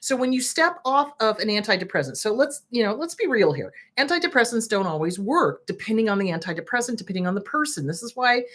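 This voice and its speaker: A woman's voice: on the high side, lively intonation, fast talker, hardly any pauses, fairly bright tone. A woman therapist hosting a talk show, speaking bluntly and with indignation, swearing freely as she comments. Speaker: host, therapist. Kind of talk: direct-to-camera commentary.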